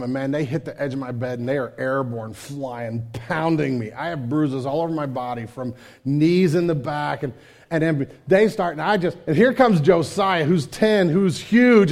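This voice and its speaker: A man preaching a casual, energetic sermon, full of slang and asides, sometimes dropping to a hushed tone. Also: a little high. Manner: drops to hushed intimate tone. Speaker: pastor.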